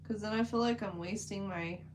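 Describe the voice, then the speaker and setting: A chatty woman with a drawl talks loosely to her stream chat as she paints, filling her sentences with "like." Her voice sits at a middle pitch, and a faint hum runs underneath. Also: fairly quick, poor audio. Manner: chatty, rambling, many "like" fillers. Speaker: livestream host. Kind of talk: casual livestream chat while painting.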